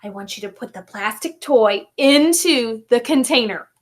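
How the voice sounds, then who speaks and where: A woman teacher reading a picture book aloud and talking gently and encouragingly to young children. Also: fairly high pitch, animated, moderate pace.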